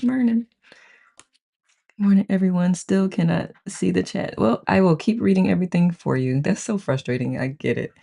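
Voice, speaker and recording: Mellow and gravelly, this mid-range voice moves a little fast with few pauses. It belongs to someone hosting a live book-study group, casually chatting on stream, welcoming every viewer by name and gushing over the chat as it's read aloud, often exclaiming "I love it."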